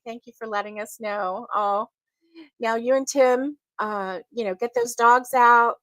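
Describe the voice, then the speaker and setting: A woman hosting a casual crochet livestream, chatting with viewers, giggling often and filling pauses with ums. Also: fairly high pitch, fairly even intonation, fairly bright tone, no room sound. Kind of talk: casual live chat with viewers.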